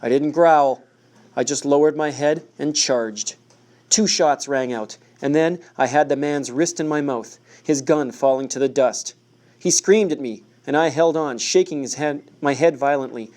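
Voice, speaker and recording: Mellow male audiobook narrator. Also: on the high side, moderate pace. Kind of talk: first-person novel narration.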